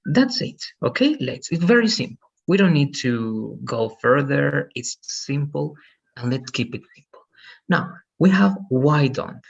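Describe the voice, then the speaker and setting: A man's voice: mid-range voice, very animated, a little slow, creaky, breathy edge, muffled recording. A man teaching English in an online lesson, patient and repeating "okay" and "right" often, heard over a video call.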